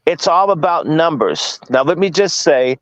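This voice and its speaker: A man's voice: a little high, lively intonation, moderate pace, a bit bright, no room sound, low-quality recording. A man from Washington, D.C. giving a casual lecture, firing rhetorical questions at his listeners, blunt and profane. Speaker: guest speaker.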